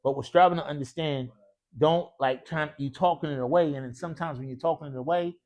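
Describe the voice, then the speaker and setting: Teaching Arabic grammar to a mosque class, a man speaks fast in a slightly high, somewhat mellow voice. He quizzes his students nonstop throughout the lesson.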